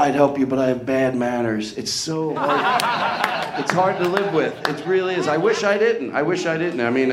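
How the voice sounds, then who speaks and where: A man works the crowd in live stand-up banter, rambling and poking fun at himself while hosting a podcast taping. His voice sits a little high for a man. The hotel event room leaves a clear echo on every line. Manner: rambling, self-mocking, chatty with the crowd.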